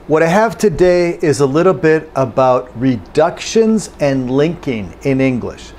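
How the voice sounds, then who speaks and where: A man teaching English pronunciation, patiently saying phrases slowly and then at normal speed. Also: mid-range voice, a little mellow, slight background noise. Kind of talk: pronunciation lesson.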